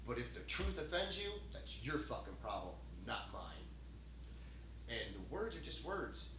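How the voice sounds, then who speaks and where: A man hosting a podcast, talking casually in a rambling, profane, animated way. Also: medium pitch, a little slow. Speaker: podcast host. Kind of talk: casual chat. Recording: echoey room, mic at a distance, faint hiss.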